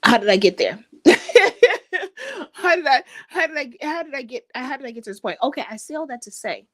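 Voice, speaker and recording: A woman in her thirties hosting a casual livestream chat, talking in an expressive, rambling way with frequent restarts and laughs. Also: a little fast, dry recording. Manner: animated and expressive, pitch swinging high and low. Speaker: host.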